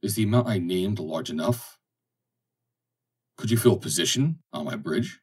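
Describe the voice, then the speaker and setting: A man reading the lines of a stern, calculating ship captain in a measured, commanding way, as audiobook dialogue. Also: low voice, lively intonation, breathy edge, recorded from a distance. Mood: probing.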